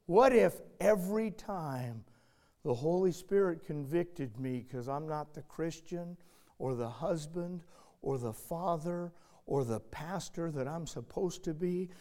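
Older male preacher, higher-pitched voice, slow deliberate delivery, emphatic with sudden drops to a hush. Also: lively intonation. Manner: emphatic, swinging from loud to hushed. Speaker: pastor. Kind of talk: sermon with storytelling.

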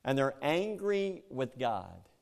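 A male pastor preaching with lively, theatrical delivery. He drops low and quiet, then leaps into loud, high-pitched mock voices. His pitch sits mid-range for a man. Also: slow pace, vocal fry. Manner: animated preaching, acting out voices with loud bursts. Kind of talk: sermon.

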